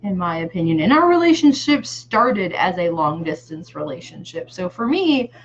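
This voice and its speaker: A woman's voice: lowish voice, sing-song, normal speed, slight background noise. A woman vlogging in casual chat while she paints a face design, telling stories in a rambling way full of fillers and casual swearing. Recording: muffled lo-fi audio.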